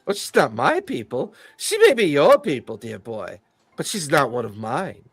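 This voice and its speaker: A man's voice: mid-range voice, sing-song, moderate pace, fairly bright tone, slightly rough, no room sound, exaggerated voice. A man putting on a pompous fae security chief. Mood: scornful. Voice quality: pompous, condescending, says "dear boy".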